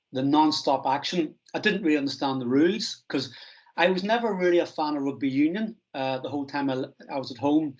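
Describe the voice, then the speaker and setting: A middle-aged man from Northern Ireland, a strength coach telling stories from his career in a relaxed, self-deprecating interview. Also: mid-range voice, low-quality recording. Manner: anecdotal, self-deprecating, acts out quoted dialogue.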